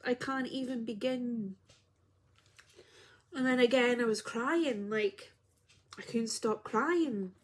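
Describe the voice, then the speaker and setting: A woman's voice: on the high side, takes it slowly, long pauses. A woman who works as a spiritual healer tells a personal story in a heartfelt, reflective way on her vlog.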